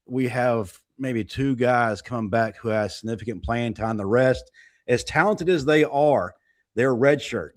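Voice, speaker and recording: A man hosting a live sports talk panel. His voice sits at an ordinary male pitch and comes across dry, with little room around it. He is upbeat and emphatic and keeps the discussion moving. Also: no echo. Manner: upbeat, emphatic presenter who steers the panel. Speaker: show host.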